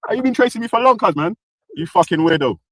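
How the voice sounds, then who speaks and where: Host brit guy, mocking, swears a lot, lively up-and-down pitch, dry close sound. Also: fast talker, no echo, low-quality recording. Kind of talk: heated casual commentary.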